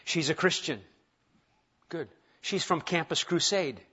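A man's voice: fairly high pitch, animated, a little slow, husky. Give me a male pastor preaching a conversational, humorous sermon, with a dull lo-fi sound. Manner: conversational, self-deprecating humor, swings from quiet to emphatic. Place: church sanctuary.

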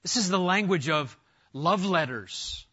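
A middle-aged man preaching an expository sermon, emphatic and animated, often restarting his phrases. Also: high-pitched, measured pace, breathy edge, lo-fi sound. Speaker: pastor.

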